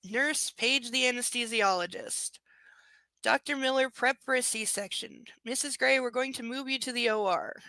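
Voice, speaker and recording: Curt surgeon giving orders, woman reading him plainly, bright voice. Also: a little high, normal speed, no echo, poor audio. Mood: brisk. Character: brisk, impatient surgeon.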